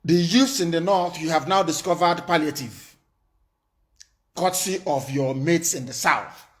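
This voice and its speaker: Male broadcaster, fiery defiant address, slightly high-pitched, emphatic. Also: measured pace. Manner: defiant, emphatic, with rhetorical questions. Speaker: political broadcaster. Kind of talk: impassioned political address.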